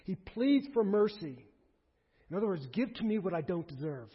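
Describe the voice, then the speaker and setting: A man preaching a sermon in an earnest, exhorting manner, addressing his congregation directly. His voice is husky and a little high. The recording sounds dull and lo-fi. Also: sing-song, moderate pace, in a large hall.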